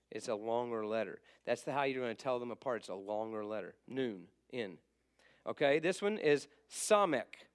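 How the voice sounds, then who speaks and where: A man's voice: mid-range voice, clear, resonant tone. A man teaching a class in a casual, repetitive way, often trailing off while he writes on a board. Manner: casual, repeats letter names, writes on board while talking.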